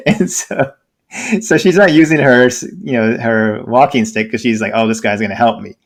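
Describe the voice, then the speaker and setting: A man telling a story in casual podcast chat, laughing often and acting out voices. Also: moderate pace. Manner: animated, laughing, acts out voices in high pitch. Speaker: podcast co-host.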